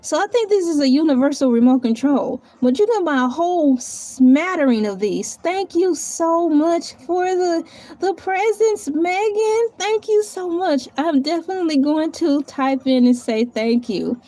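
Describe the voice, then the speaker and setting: Animated and measured, a woman's high, dark-toned voice carries a chatty home live stream. She thanks the viewers and keeps talking to herself as she types and searches around her table.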